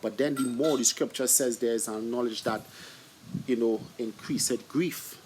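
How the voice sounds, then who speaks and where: A man's voice: medium pitch, fairly even intonation, measured pace, a little mellow, a little hiss or hum. A man giving an informal scripture study talk, often asking and answering his own questions and stumbling over repeated words. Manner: stumbling restarts and fillers. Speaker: scripture teacher.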